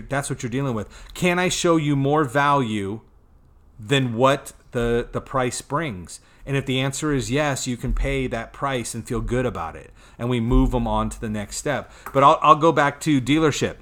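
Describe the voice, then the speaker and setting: A man coaching salespeople in a casual teaching talk, acting out customer exchanges and often checking in with "right?" and "okay?". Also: medium pitch. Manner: animated, acts out customer dialogue, frequent "right?" and "okay?". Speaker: sales trainer.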